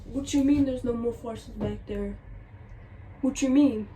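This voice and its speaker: A woman vlogger telling a casual storytime in an animated, exasperated way, repeating herself for emphasis. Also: on the high side, a little slow. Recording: distant mic with noisy background.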